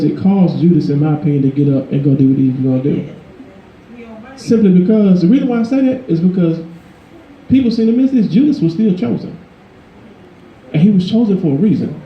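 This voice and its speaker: A man preaching a sermon in a conversational, emphatic way, his voice climbing higher when he drives a point home. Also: lively intonation, fairly quick, echoey room, dull audio. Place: church.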